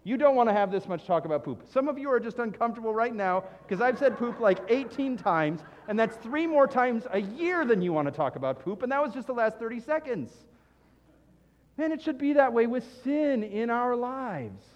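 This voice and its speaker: A man preaching a sermon as a pastor, animated, acting out comic voices in his examples. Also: extremely high pitch, fairly quick, in a large hall, muffled recording.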